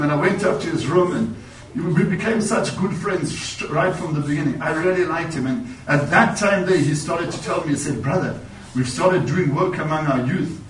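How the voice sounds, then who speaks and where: A man preaches a sermon, weaving a personal story with a conversational "you know" and rising on his points. His voice sits slightly high. He is picked up from a distance in an echoey church, with faint ambience behind him. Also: slight background noise. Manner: storytelling, repeats "you know", rises in emphasis. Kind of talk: sermon testimony.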